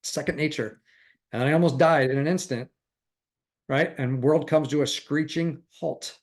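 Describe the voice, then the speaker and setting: A middle-aged man teaching a real estate recruiting class in a casual, animated way, often playing out conversations. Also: on the high side, moderate pace. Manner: animated, acts out quoted conversations, chuckles often.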